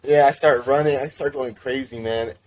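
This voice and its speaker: A man's voice: medium pitch, steady tone, moderate pace. Rambling young man telling a story. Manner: rambling, lots of "like" and restarts. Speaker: band member, podcast guest. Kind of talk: casual storytelling.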